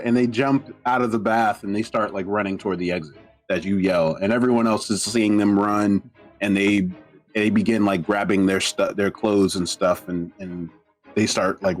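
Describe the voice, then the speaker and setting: A man's voice: fairly low pitch, steady tone, normal speed, faint music behind. A man running a tabletop game as dungeon master, narrating hesitantly with many fillers and restarts.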